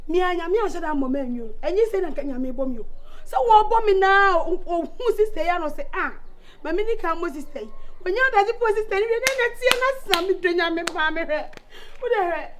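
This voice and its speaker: An actress with a Ghanaian accent playing a loud, excitable young woman who teases her sister and exclaims often in a comedy film. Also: extremely high pitch, fast, slight background noise. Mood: excited. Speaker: comic actress.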